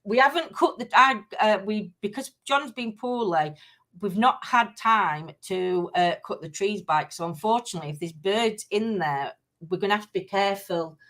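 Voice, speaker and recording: A woman's voice: medium pitch, normal speed, fairly bright tone. A middle-aged woman hosting a casual live-stream chat, rambling with many ums and restarts as she answers viewers. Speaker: livestream host.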